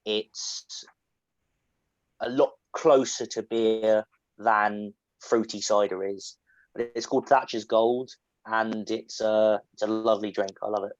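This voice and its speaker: A man from England, with a standard southern English accent and a fairly low, steady voice, talks slowly while casually answering questions online, using fillers and restarting sentences. The recording is dry, with dull lo-fi call audio.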